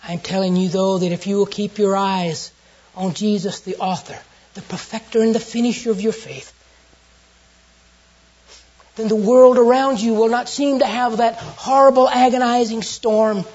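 Husky Southern US preacher. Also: mid-range voice, steady tone, normal speed. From Southern United States. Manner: storytelling and earnest, with sudden hushed and loud turns. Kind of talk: sermon. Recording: dull lo-fi recording.

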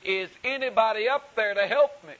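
A man voicing a desperate man hanging from a cliff who calls out for help in a high, strained voice. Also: normal speed, a bit bright. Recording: dull hissy recording.

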